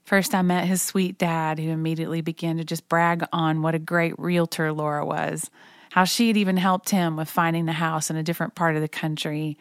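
Low-voiced woman telling a personal story. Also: flat delivery, fairly quick, smooth, dry recording, studio quality. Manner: quiet, reverent, gentle reflective delivery. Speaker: narrator reading her own memoir.

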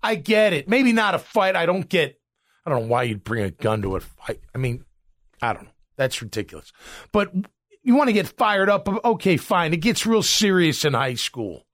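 A middle-aged man hosting a sports talk show, ranting in an animated, exasperated way. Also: on the high side, moderate pace. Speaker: sports radio host.

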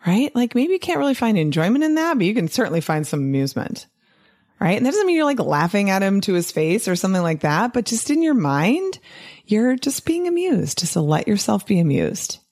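Animated woman talking to doctors. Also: mid-range voice, brisk. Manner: animated, often tags "right?" and laughs. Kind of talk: casual podcast-style monologue.

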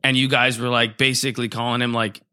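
Bright-voiced man rambling through stories. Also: medium pitch, fast, clear, resonant tone. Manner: rambling, animated storyteller full of "like" and "dude". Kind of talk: casual podcast chat.

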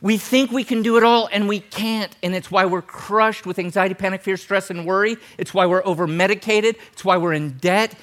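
A man preaching a sermon as pastor, animated and jokey, talking straight to his congregation. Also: high-pitched.

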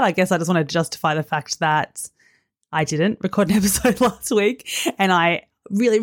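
Low-voiced woman, slightly hoarse host. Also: no echo, studio quality. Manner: chatty, earnest, quick asides. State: hoarse, recovering from illness. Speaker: podcast host. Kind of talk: casual podcast monologue for teachers.

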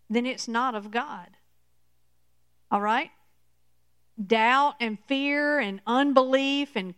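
Woman preacher, fairly high, smooth voice, slow and emphatic, dry close sound. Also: fairly bright tone, no echo. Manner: slow, emphatic, repeats "okay?" to the listener. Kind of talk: sermon teaching.

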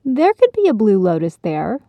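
A woman's voice: mid-range voice, wildly swooping pitch, normal speed, dry recording, highs cut off. A woman voicing curious, helpful fish in a storybook, eager and friendly.

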